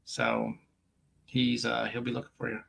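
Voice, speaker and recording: A man's voice: mid-range voice, monotone, normal speed, gravelly, fairly bright tone, slight background noise. A man hosting a live coin stream, rambling and joking casually while reading viewer comments aloud and laughing often. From United States.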